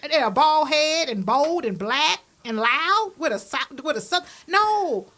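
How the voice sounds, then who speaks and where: A woman guest on a podcast, a broadcaster, telling stories in a casual, lively and emphatic way. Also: high voice, measured pace. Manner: lively, animated, often drops into acted-out quoted voices; emphatic, repeats words for emphasis. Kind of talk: casual conversational storytelling.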